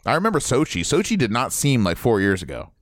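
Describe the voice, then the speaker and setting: A young man from Ohio chatting casually as a podcast co-host, animated and talkative. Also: mid-range voice, quick pace, no echo, studio quality. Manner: animated, chatty, says dude and man a lot. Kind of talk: casual chat.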